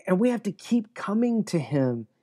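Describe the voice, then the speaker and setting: A man's voice: high-pitched, very animated, moderate pace, warm tone. A man preaching an earnest, emphatic sermon as pastor, often restarting his phrases.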